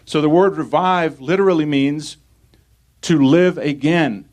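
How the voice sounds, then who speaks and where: A man's voice: fairly high pitch, a little slow, darkish tone. A male pastor preaching a sermon, reading scripture aloud and putting rhetorical questions to his congregation.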